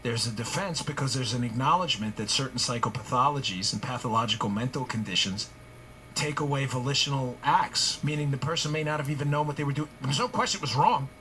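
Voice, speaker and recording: A man's voice: mid-range voice, fast, pushed and bright. Impassioned male talk show host. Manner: impassioned, rhetorical, repeats questions for emphasis. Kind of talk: heated political commentary monologue.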